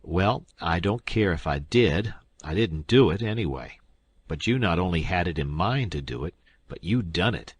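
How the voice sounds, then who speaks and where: A man voicing a sharp-tongued male swindler who talks briskly, sarcastically and forcefully, with a husky voice. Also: deep voice, animated, dry recording. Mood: angry.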